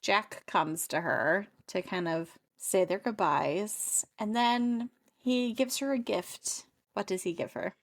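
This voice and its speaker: A woman co-hosting a book club podcast in easy, casual chat. She retells the plot with energy and slips into quick voices for the characters. Her pitch sits in the middle for a woman. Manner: animated, acts out characters' lines while retelling.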